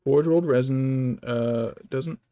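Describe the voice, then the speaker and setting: Mid-pitched man chatting casually, dry sound. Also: slow pace, mellow, no room sound, lo-fi sound. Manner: rambling, mutters to himself, baby-talks his cat. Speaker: vtuber painting miniatures. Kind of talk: casual chat while working.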